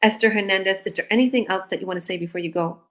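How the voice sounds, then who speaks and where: A woman's voice: mid-range voice, very fast, fairly bright tone. A woman business coach from Canada chatting casually on a live video call, rambling and acting out conversations. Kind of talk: casual live-stream chat.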